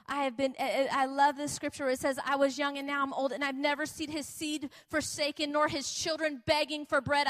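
A woman preaching a sermon, telling a personal story and building to emphatic, repetitive exhortation. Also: high-pitched. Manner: animated storytelling, acting out quoted voices, repetitive emphatic preaching.

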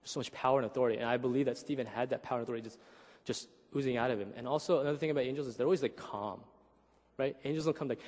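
A man in his thirties preaching a conversational sermon, animated and often checking in with "right?". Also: mid-range voice, fairly quick, in a large hall. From Korean heritage. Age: 30s. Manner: animated, keeps asking "right?", acts out voices. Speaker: pastor.

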